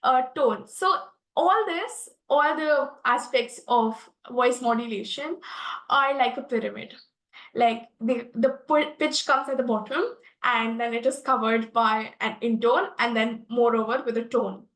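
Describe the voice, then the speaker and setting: Young indian woman explaining public speaking, pretty high voice, lots of uh and restarts, echoey room. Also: measured pace, fairly bright tone. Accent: Indian English. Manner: earnest, many fillers and restarts. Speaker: guest expert speaker. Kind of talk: online lesson on public speaking.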